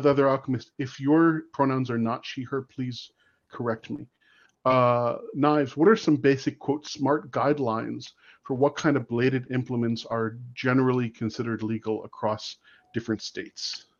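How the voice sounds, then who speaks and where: A man hosting a casual podcast reads out listener questions, chatty and full of small fillers. His voice sits at a middle pitch, and the recording sounds a little dull and lo-fi. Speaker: podcast host. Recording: slightly dull lo-fi audio.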